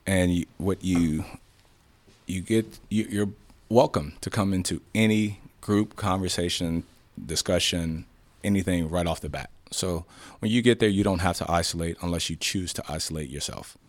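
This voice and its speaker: A police sergeant from Chicago's South Side tells his story candidly in an interview, animatedly acting out the dialogue and often restarting. His low voice moves at a moderate pace on a dry recording.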